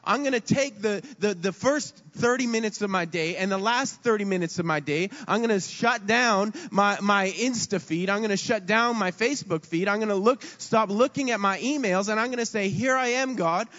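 High-voiced man preaching in a hall. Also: moderate pace, hardly any pauses, pushed and bright. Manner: earnest, repeats words as he speaks. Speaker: pastor. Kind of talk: sermon. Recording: dull sound with long hall reverb.

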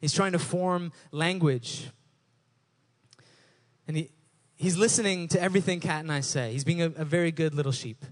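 A man's voice: fairly high pitch, moderate pace. A young adult male pastor preaching a sermon in a casual, conversational way, often restarting words as he rephrases.

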